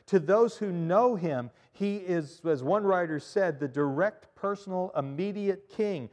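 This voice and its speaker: A man preaching in a church, his voice sitting a little higher than most men's. His delivery is animated: he repeats and stresses key points and fills pauses with frequent fillers. A long hall reverb trails after his words. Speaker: pastor. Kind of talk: sermon.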